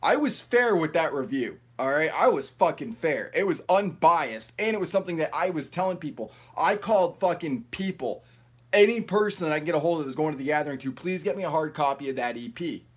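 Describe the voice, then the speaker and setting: A man's voice: a little high, lively intonation, a little fast, slightly rough. A man hosting a live stream, ranting in a rambling, profane, heated way.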